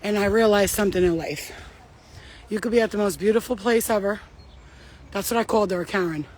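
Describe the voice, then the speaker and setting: A woman's voice: mid-range voice, brisk, a little mellow, slight background noise. A woman vlogger telling a story in a casual rant, blunt, profane, heated and emphatic. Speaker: spiritual vlogger.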